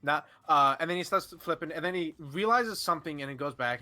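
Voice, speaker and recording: A man's voice: a little high, animated, quick pace, few pauses, sharp tone, soft background music. A man narrating as game master, rambling with lots of filler.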